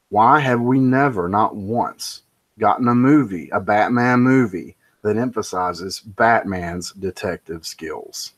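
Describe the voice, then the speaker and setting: Man, lowish voice, casual monologue, emphatic, ranting, digressive. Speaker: pop culture commentator.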